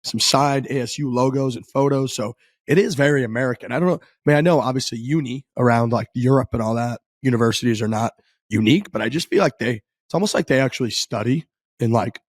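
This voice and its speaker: A man's voice: medium pitch, fast, no room sound, clean studio sound. A young man co-hosting a podcast in casual chat, rambling in a laid-back way with plenty of filler words. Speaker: podcast co-host.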